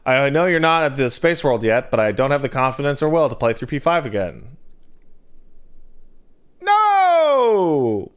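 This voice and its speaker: A man streaming a game, chatting casually and reading out donations with jokey, quick asides. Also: mid-range voice, expressive, fairly bright tone, clear, resonant tone.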